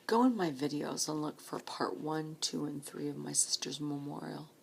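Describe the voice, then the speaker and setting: A woman in her late forties speaking slowly and softly in a personal vlog, often close to a whisper, holding back tears. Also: low voice, gravelly, slight background noise. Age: 40s. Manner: slow, soft-spoken, often near a whisper, earnest. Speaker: vlogger.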